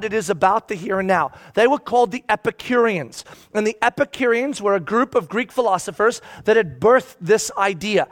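A man's voice: high-pitched, fairly bright tone. A man preaching a sermon as he teaches through a scripture passage, with emphatic delivery that repeats key phrases for force.

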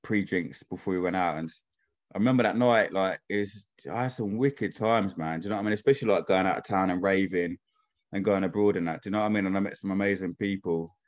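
A man's voice: low voice, fast talker, dull audio. A man chatting casually, swearing freely and often asking whether he is understood. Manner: chatty, swears freely, keeps asking "do you know what I mean". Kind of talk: casual chat.

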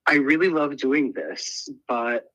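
A man's voice: mid-range voice, slow pace, sharp tone, no echo, highs cut off. A man from Nebraska, an interior designer, telling his story in a friendly, laughing way on a podcast. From Nebraska, United States.

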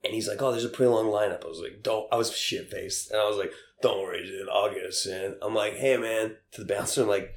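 A young man with a somewhat low voice tells loose, rambling stories, full of fillers and quick laughs. The room around him is noticeably echoey. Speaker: interviewee. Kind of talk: casual storytelling.

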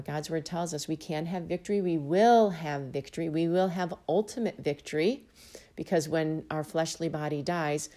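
A woman's voice: sits low, warm tone. A woman giving an earnest, encouraging devotional sermon. She often repeats her phrases. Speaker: Bible teacher.

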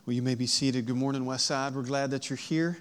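A man's voice: medium pitch, a little fast, smooth. A man in his thirties, a pastor, giving a sermon and telling a funny family story with laughter. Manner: lively storytelling, laughs often, acts out voices.

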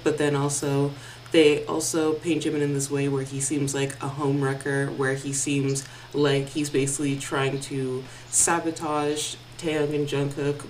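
A young woman with a low voice chats casually as a podcast co-host, rambling with plenty of fillers and slang. She sounds set back from the mic, and faint noise sits under her. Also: far from the mic, poor audio. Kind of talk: casual chat.

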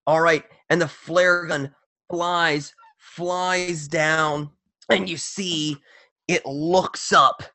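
Male game master, unhurried, vivid narration, dry close mic. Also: fairly high pitch, steady tone, bright, forceful tone, dry recording. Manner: slow, vivid descriptive narration.

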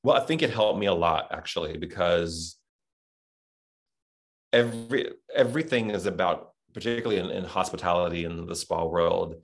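A middle-aged Southern man chats as a podcast guest, thinking aloud and circling back on his words. His voice sits very low and carries a gravelly rasp. He talks in a casual, reflective way. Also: moderate pace. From Texas, USA. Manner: reflective, rambling with many restarts and fillers. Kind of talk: casual interview chat.

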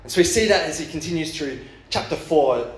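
A man's voice: fairly high pitch, brisk. Man preaching in an echoey church hall. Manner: casual storytelling with rising excitement. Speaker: youth and young adults pastor. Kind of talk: sermon.

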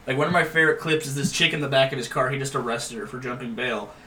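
A man's voice: medium pitch, quick pace, sharp tone. A young man in casual, profane chat, laughing often and acting out quotes. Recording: roomy echo, distant mic, faint noise.

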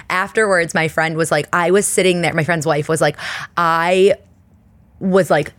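A woman in her thirties hosting a podcast, telling stories in a chatty, self-deprecating, animated way. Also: fairly low pitch, fairly quick, no room sound. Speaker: podcast host. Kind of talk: casual chat.

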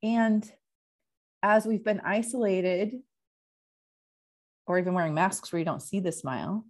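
A woman and parent talking casually about calming techniques, chatty and laughing often. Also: mid-range voice, unhurried. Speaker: parent and therapist. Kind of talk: casual conversation.

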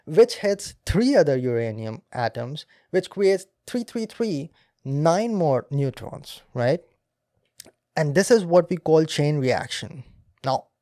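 A man's voice: fairly high pitch, warm tone, dry recording, clean studio sound. A man hosting a podcast, talking casually, laughing often and explaining science step by step. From India. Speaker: podcast host.

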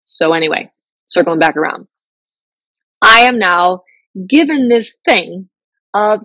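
A woman's voice: on the low side, animated, a little slow, long pauses, bright, forceful tone, dry recording, poor audio. A middle-aged woman hosting a podcast, talking openly and casually about her life, full of fillers and restarts. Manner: candid, chatty, many fillers and restarts. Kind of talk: casual personal talk.

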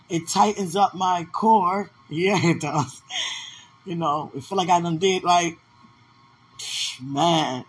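A woman's voice: fairly low pitch, a little hiss or hum, low-quality recording. A woman at home in her apartment, overwhelmed and weepy, crying out to God in a fervent, spontaneous monologue. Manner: fervent and overwhelmed, moaning, repeated cries to God. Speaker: vlogger sharing a spiritual experience.

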